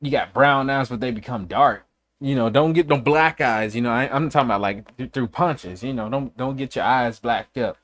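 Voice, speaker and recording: A man's voice: mid-range voice, normal speed, fairly bright tone. Male streamer from Chicago, casual, profane, blunt storyteller. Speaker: livestreamer. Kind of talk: casual livestream chat.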